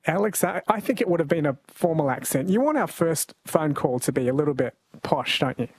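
A man's voice: on the high side, animated, a little fast, darkish tone, breathy edge, no room sound. An Australian man hosting a radio quiz show, chatty and jokey, laughing often. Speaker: radio host. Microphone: studio mic.

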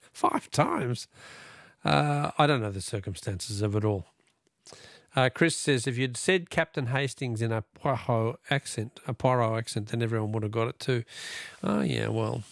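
A man's voice: mid-range voice, vocal fry, no echo, clean studio sound. A middle-aged Australian man hosting a talkback radio quiz, chatty and joking with callers. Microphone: studio microphone.

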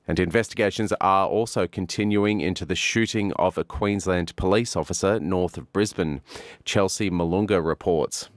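A man reading a radio news bulletin in a measured, formal way. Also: sits low, dry recording, studio quality. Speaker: newsreader.

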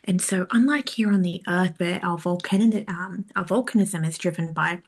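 A woman's voice: on the low side, normal speed, slightly rough. A woman, an astrophysicist explaining science on a radio interview with enthusiasm. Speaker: astrophysicist guest.

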